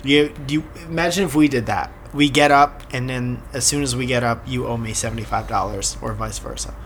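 A man casually chatting as a podcast co-host, telling a rambling story with animated bursts. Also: mid-range voice, fairly quick, slight background noise. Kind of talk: casual chat.

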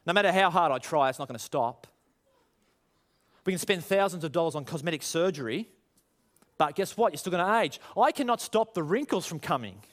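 Aussie pastor guy preaching, lively, lots of rhetorical questions, does little voices. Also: on the high side, a little fast. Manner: animated, rhetorical questions, acts out quoted voices. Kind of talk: sermon.

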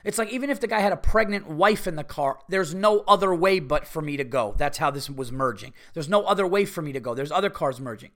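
A man's voice: fairly high pitch, lively intonation, fast talker, few pauses, fairly bright tone. A man hosting a solo comedy podcast, ranting with heavy profanity about things that annoy him. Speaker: podcast host. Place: home.

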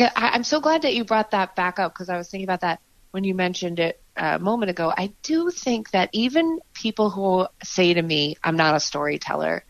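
A woman's voice: mid-range voice, dry recording, highs cut off. A woman improv performer as a podcast guest, talking in an earnest, reflective way with frequent fillers and restarts. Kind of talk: conversational interview.

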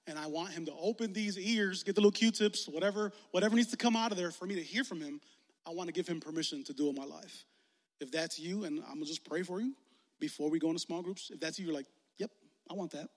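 A young man preaching as a youth pastor in a casual, animated way, acting out quoted voices as he leads an altar call. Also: a little high. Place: large hall with audience. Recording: long hall reverb.

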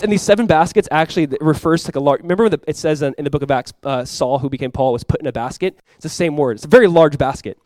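A man preaches a sermon at a quick clip, bouncing between explanation and acted-out quotes. His voice sits a bit high for a man and sounds dry and close. He often repeats words as he builds momentum. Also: no echo. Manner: animated, acts out quoted voices, repeats himself. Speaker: pastor.

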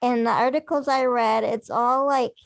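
A woman with a fairly high but gravelly voice talks bluntly and matter-of-factly. The sound is dry and close to the mic. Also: steady tone, moderate pace, dry recording, low-quality recording. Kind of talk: casual chat.

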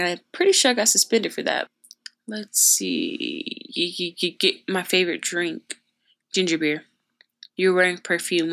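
A young woman hosting a podcast, telling stories in a chatty way and acting out the people she quotes. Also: fairly low pitch. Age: young adult. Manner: chatty storytelling, lively quoted voices. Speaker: podcast host. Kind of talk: casual chat.

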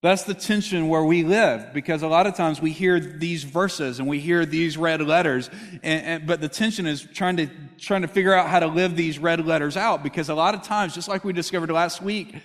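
A male pastor with a high voice delivers a sermon in a church hall with lots of echo. He speaks at a moderate pace in a conversational way, putting questions to the congregation.

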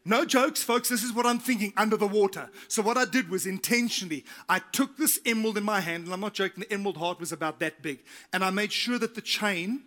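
A middle-aged man preaches from the pulpit, his voice high and bright. He tells a long story with energy, acting out what people said and repeating his points for emphasis. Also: fast talker, hardly any pauses. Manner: animated, acts out quotes, repeats key phrases. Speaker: pastor. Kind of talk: sermon with storytelling.

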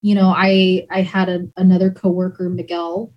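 A woman's voice: fairly low pitch, flat delivery, normal speed, highs cut off. A woman who works as an emergency dispatcher, candidly and emotionally telling her story in an interview, with many "like" fillers.

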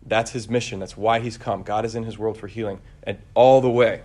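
A man preaching a conversational homily, relaxed and searching, with frequent fillers and restarts. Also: on the low side, a little fast.

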